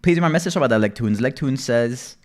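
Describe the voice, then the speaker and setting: A young man livestreaming casually, telling stories with heavy swearing, loud outbursts and reading out chat messages. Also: medium pitch, lively intonation, fast.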